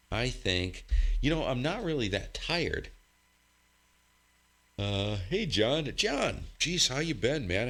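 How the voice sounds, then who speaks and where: A low-voiced man talks slowly and rambles, joking at his own expense between radio calls. His tone is bright and forward. He speaks into a desk mic in his home radio room. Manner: rambling, joking, self-mocking. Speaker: ham radio operator and live stream host. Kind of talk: casual live stream chat and radio contest calls.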